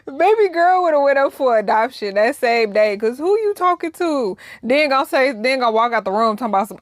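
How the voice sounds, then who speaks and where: A young woman reacts to clips in a casual, animated, slang-heavy way. She drifts between quiet reflective asides and loud exclamations. Her voice sits fairly high and sounds dry and close. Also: brisk, hardly any pauses, no room sound. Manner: animated, slangy, swings between soft musing and loud outbursts. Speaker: reaction vlogger.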